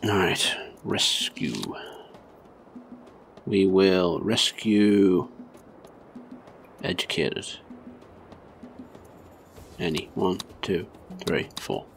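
A man's voice: sits low, drawn-out words, vocal fry, pauses often, soft background music. A man hosting a gameplay channel, chatting casually with laughs and swearing as he plays. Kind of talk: casual game commentary.

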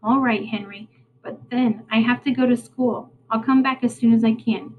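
Lady reading an earnest young girl, kinda pleading, light high voice, storybook. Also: steady tone, normal speed, phone-quality sound, slight background noise, lightly acted. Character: earnest young girl, patient but stung.

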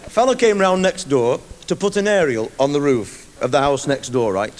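A man's voice: a little high, expressive, moderate pace, a faint crowd, slight background noise. A man with a Manchester accent telling rambling, comic stories as a stand-up comedian, live in front of an audience. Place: live venue before an audience. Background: audience laughter.

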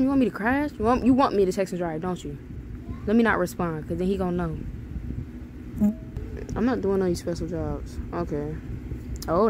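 A young woman gamer gives loud, profane commentary as she plays. She fires back at the game's text messages with sass. A little game noise sits faintly behind her voice. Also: medium pitch. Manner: loud, profane, reacting and reading texts aloud with sass. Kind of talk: casual gameplay commentary.

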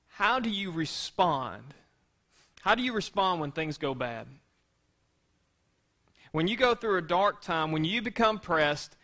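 Bright-voiced pastor preaching conversationally. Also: male voice, a little high. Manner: conversational preaching with rhetorical questions. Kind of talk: sermon.

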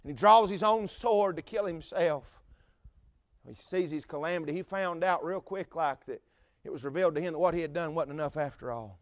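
A man's voice: fairly high pitch, fairly quick, dry recording, clean studio sound. A man preaching a fervent sermon with repetitive phrasing and stammered fillers.

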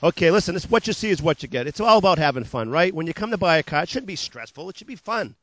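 A high-pitched man rattles off car deals in bouncy, repetitive salesman patter for a local TV ad, laughing off his own tongue slips. The sound is dry and close, with no room echo. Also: very animated, fast, a bit bright.

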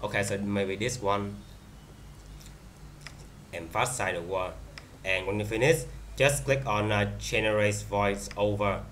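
Bright-voiced man demoing software haltingly. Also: fairly low pitch, fairly even intonation, a little hiss or hum. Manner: halting, many fillers and restarts. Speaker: software reviewer. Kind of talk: screen-recorded software demo.

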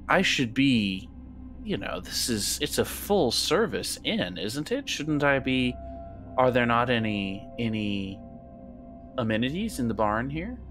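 A man's voice: mid-range voice, fairly bright tone, voice pushed up. A man voicing a smug, sarcastic, chain-smoking businessman. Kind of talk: tabletop role-play voice acting.

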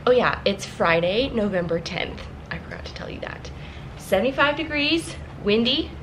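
A chatty young woman hosting a casual travel vlog, excitable and quick to laugh. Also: fairly low pitch, noisy background. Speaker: vlogger. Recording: music playing under the voice.

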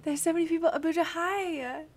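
A young woman livestreams a crossword session in a very high, steady voice, speaking briskly. She chats casually and gushes while greeting viewers by name.

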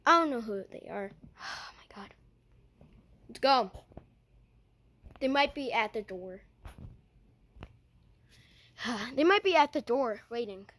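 A woman performs a homemade skit, jumping excitedly between characters. Her high voice swoops up and down, and she takes her time, tripping over restarts as she goes. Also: takes it slowly, long pauses. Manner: stammering restarts.

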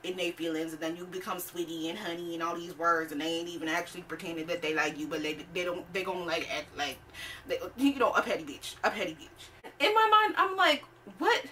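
A woman's voice: on the low side, lively intonation, a little fast, bright, forceful tone, far from the mic, slight background noise. A young woman telling a storytime in a blunt, profane, sassy way, full of fillers. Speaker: vlogger. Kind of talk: casual storytime rant.

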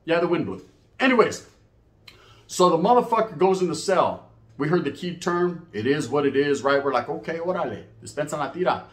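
A man's voice: fairly high pitch, sing-song, normal speed, echoey room. A man telling prison stories in a casual, profane, slang-heavy monologue, laughing at his own tales. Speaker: storyteller recounting prison life.

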